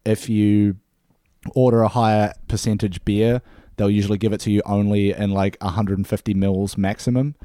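A man co-hosting a casual podcast chat over beers, relaxed and halting, often repeating words. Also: fairly low pitch, dry recording, clean studio sound. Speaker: podcast co-host.

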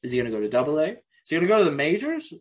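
A man's voice: a little high, huge pitch swings, very fast. A man co-hosting a casual podcast, joking, laughing often and drifting into tangents. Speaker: podcast co-host. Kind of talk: casual chat.

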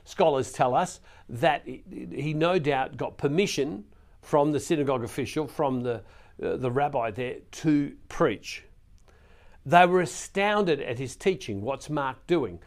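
A man's voice: mid-range voice, a little slow, darkish tone. A man preaching as a Catholic minister, teaching on scripture in an earnest way, with restarts, and reading passages aloud with more force.

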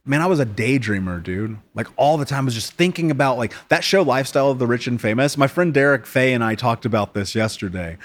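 A man's voice: mid-range voice, animated, fast talker, few pauses. A man from the United States in his late thirties, a podcast guest telling his story bluntly in casual interview talk, swearing often and calling people dude.

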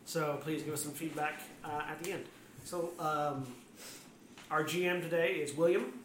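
A man's voice: on the high side, steady tone, moderate pace. A man hosting a casual tabletop game podcast with playful quips. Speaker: host and player. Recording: echoey room with faint noise.

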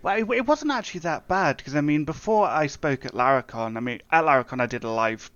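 A man, a software developer guest, explaining his work in a relaxed, chatty way with plenty of fillers. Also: fairly high pitch, a little fast, smooth, no echo. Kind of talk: casual interview chat. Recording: dull, dry, lo-fi sound.

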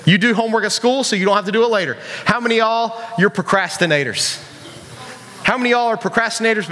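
A man's voice: high voice, pushed and bright, in a large hall. A man preaching a casual sermon to young people, joking and asking the crowd questions. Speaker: youth pastor.

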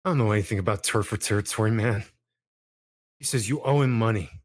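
A man's voice: on the low side, fast talker. A man playing a tabletop role-playing game, talking casually and in character. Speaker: player.

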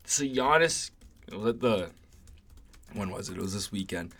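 A man's voice: fairly low pitch, animated, normal speed, a bit bright. A young man co-hosting a podcast in casual, profane banter about sports. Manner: profane, laid-back, mocking impressions. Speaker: podcast co-host.

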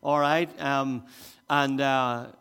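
A man preaching a sermon as pastor, animated and repetitive, turning soft and quiet when he voices a prayer. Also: medium pitch, takes it slowly, smooth. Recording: long hall reverb.

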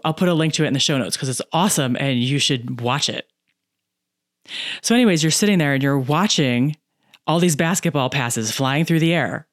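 A woman's voice: low voice, no echo. Chatty woman coach on a podcast, keeps tacking on "right?", acts out little inner voices, dry close sound. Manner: lively and chatty, often adds "right?". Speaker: business mindset coach. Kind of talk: solo podcast monologue.

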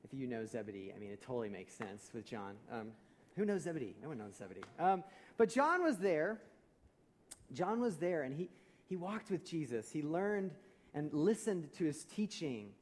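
A man, a pastor, preaching a conversational sermon in a church, telling stories with humor and swinging between loud and soft. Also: fairly high pitch, very animated, moderate pace.

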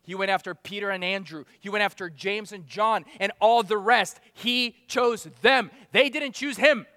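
Pastor, male, high and bright, emphatic sermon delivery, close dry mic with long hall tail. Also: moderate pace. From outside America. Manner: emphatic, rising and falling, rhetorical questions.

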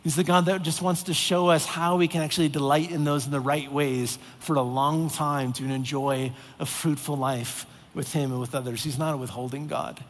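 A man's voice: fairly high pitch, fairly even intonation, normal speed, few pauses. A man preaching a sermon, earnest, with heavy repetition for emphasis. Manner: earnest, repetitive emphasis, acts out exasperated voices. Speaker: pastor. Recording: long reverb of a large hall.

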